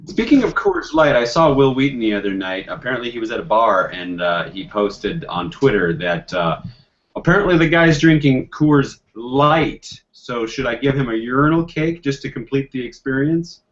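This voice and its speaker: Co-host, male, animated and punny, dull lo-fi recording. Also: medium pitch, moderate pace, a little hiss or hum. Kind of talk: casual chat. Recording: dull lo-fi audio.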